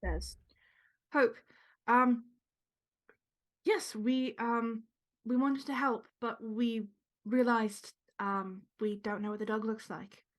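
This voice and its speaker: Woman player, slow, hesitant, fairly high voice. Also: fairly even intonation. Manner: hesitant, many ums. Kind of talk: tabletop role-play.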